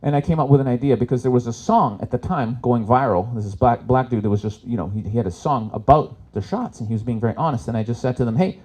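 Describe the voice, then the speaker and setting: A man performing live stand-up, telling stories with sudden loud shouted impressions. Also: mid-range voice, quick pace, few pauses. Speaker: stand-up comic. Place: expo stage before an audience.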